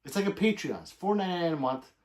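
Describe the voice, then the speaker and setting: A man chatting casually on a livestream, reading out viewer comments one after another. His pitch swings up and down a lot as he talks, and he swears freely between his plugs for subscriptions. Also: animated, quick pace, darkish tone. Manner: loose and profane, plugs merch and subscriptions. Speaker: livestream host.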